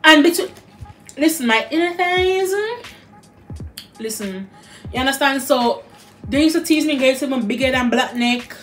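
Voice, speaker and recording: A young Jamaican-accented woman with a high voice speaks briskly as a guest in a casual chat over a meal, candid and animated, sometimes slipping into patois. Soft music plays in the background.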